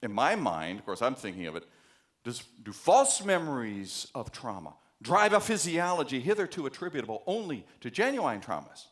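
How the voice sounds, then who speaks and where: A man's voice: medium pitch, sing-song, normal speed. An American man giving a university lecture on psychology, telling anecdotes with many fillers and acting out the voices he quotes. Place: large lecture hall.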